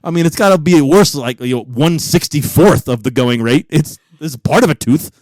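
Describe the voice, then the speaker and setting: A man in his forties, co-hosting a podcast, telling stories in a profane, animated way and laughing often. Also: a little high, moderate pace, no echo, clean studio sound. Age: 40s. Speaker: podcast co-host. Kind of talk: casual chat.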